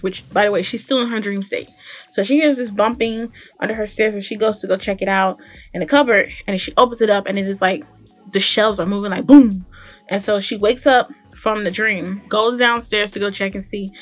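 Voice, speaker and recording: A chatty woman recaps a TV episode in casual voice-over, opinionated and full of fillers and restarts. Her voice sits at a mid pitch, and soft music plays faintly behind her. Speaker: gaming YouTuber recapping a TV episode.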